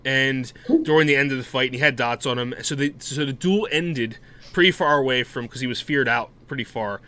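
A man co-hosting a podcast, telling gaming stories in an animated way with laughs, acting out quotes. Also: medium pitch, a little fast. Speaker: podcast co-host. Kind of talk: casual storytelling chat.

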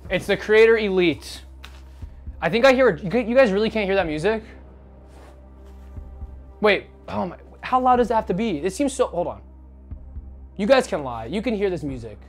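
A man streaming casually, rambling and joking as he talks to his chat and swears now and then. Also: sits high. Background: faint background music.

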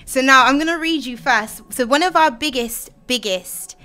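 A young woman from Bristol hosting a casual interview, upbeat and quick to laugh. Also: sits high, sharp tone, soft background music. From Bristol, England. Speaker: host.

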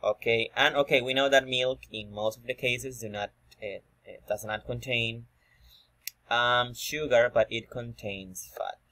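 Slow man, filler-heavy explainer. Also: mid-range voice, fairly even intonation, bright, forceful tone, no echo. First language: Spanish. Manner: frequent "okay" and fillers, repeats himself. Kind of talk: informal explanatory video talk.

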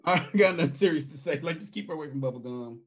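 A man tells rambling, animated family stories and laughs as he goes. His voice is husky and sits a little high. The recording sounds dull and lo-fi. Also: rapid-fire. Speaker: podcast guest. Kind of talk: casual storytelling.

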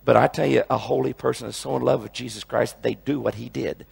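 A man's voice: medium pitch, fairly even intonation, fairly quick, creaky, breathy edge. A male preacher teaching a sermon in an emphatic way, often repeating phrases and restarting his sentences.

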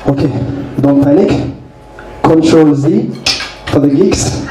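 A man performing a stand-up comedy set, with deadpan asides, on a club stage with a handheld mic and the audience laughing behind him. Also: high-pitched, measured pace. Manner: deadpan, reads messages aloud with playful asides. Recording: echoey club with noise.

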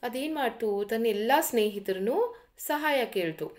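Lively woman teacher telling a story. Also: a little high, rapid-fire. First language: Kannada. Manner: explains and repeats, mixing in Kannada. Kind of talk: storytelling for children.

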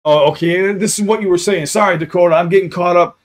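A man casually chatting on a livestream while high, swearing a lot and reading chat aloud. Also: fast talker, few pauses. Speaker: live streamer.

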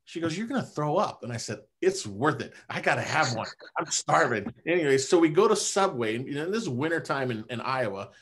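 Animated man telling a personal story. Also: medium pitch, brisk, few pauses, husky. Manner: animated, conversational, drops "man" and "you know" often. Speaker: chiropractor guest on a podcast.

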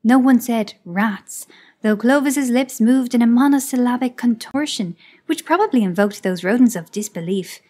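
A woman narrating a classic short story as an audiobook in a measured, expressive reading. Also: on the high side.

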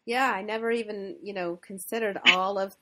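A woman's voice: mid-range voice, steady tone, normal speed, background noise. A woman hosting an interview in a chatty way, laughing often and saying "like" a lot. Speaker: host. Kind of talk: casual interview chat.

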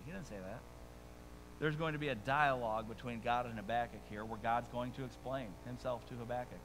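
A middle-aged male pastor preaching a sermon in a playful, self-mocking way, joking with the congregation and swinging between hushed asides and loud bursts. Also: fairly high pitch, a little hiss or hum, rough recording.

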